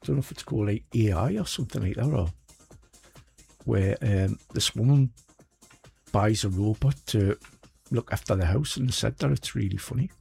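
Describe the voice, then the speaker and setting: A man's voice: lowish voice, normal speed, gravelly, a little mellow, breathy edge, faint music behind. A man co-hosting a radio show, chatting casually and rambling with lots of fillers. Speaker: radio co-host. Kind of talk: casual chat.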